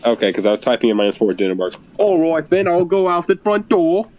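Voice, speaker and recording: A man's voice: a little high, quick pace, darkish tone, faint music behind. A man playing a tabletop game, trading teasing banter with mock British bluster. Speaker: player. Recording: dull lo-fi mic.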